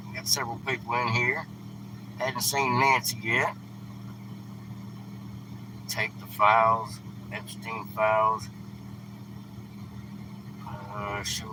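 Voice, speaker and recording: Man, blunt live-stream host, inside a truck, steady mid voice, loud street noise. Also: medium pitch. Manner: blunt, scolding, plain-spoken. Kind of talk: casual live-stream talk. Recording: traffic noise from outside. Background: car and street noise.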